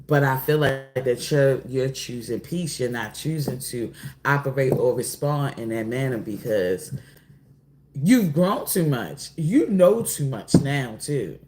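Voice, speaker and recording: Woman, low voice, slow drawl, rambling card reader. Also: expressive, darkish tone. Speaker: tarot reader. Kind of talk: casual oracle card reading.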